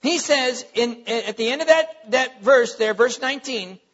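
A man's voice: extremely high pitch, unhurried, a bit bright. A man preaching a sermon as pastor, emphatic, repeating his points, with many fillers. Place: church sanctuary. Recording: lo-fi with long hall reverb.

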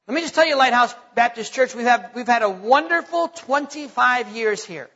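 A man preaching a sermon as pastor, emphatic, repeating phrases and slowing down dramatically for emphasis. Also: extremely high pitch, animated, bright, forceful tone. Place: church sanctuary. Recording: dull sound with long church reverb.

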